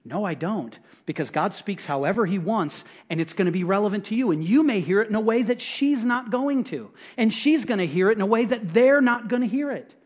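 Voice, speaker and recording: This middle-aged pastor has a high-pitched voice and preaches animatedly, a bit fast, with barely any pauses. He sounds conversational, voicing small quotations and pressing each point through repetition.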